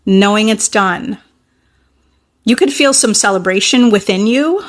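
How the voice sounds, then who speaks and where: A woman's voice: mid-range voice, measured pace, pauses often. A young adult woman coach talking casually and encouragingly, often checking in with "okay?". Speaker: manifesting coach. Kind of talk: casual teaching talk.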